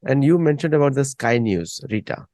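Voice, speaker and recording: A man's voice: medium pitch, animated, moderate pace, darkish tone, no echo. A man hosting a casual discussion, rambling and repeating words as he thinks. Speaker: host.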